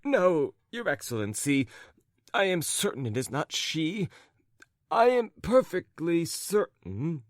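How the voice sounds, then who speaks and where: A man's voice: a little high, very animated, takes it slowly, no echo, studio quality. A man voicing a flustered, jealous husband who stammers and fawns as he babbles on. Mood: eager babbling.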